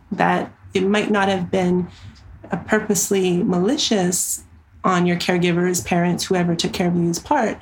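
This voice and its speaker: Woman, 30s, therapist being interviewed, animated and earnest, some gravel in the voice, faint hiss behind. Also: mid-range voice, rough recording. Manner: earnest, animated storytelling with frequent fillers. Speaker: somatic therapist. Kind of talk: interview storytelling.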